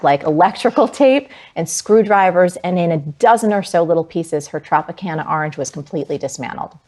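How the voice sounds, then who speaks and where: As a guest on an interview, a woman from New Jersey in her forties relates a personal anecdote in a vibrant, animated way, saying "like" a lot. She speaks with a low pitch.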